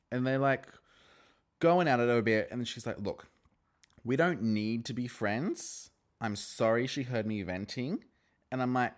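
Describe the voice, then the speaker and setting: A man hosting a podcast, recapping a reality show in casual chat, swearing, laughing and acting out the cast's quotes. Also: medium pitch. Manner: chatty, animated, swears and laughs often, acts out quotes.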